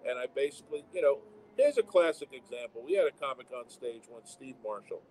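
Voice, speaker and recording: A man's voice: medium pitch, expressive, fast, a little mellow, rough recording. A man who owns comedy clubs, talking bluntly and with strong opinions in a casual interview. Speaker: comedy club owner. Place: home town with fire sirens.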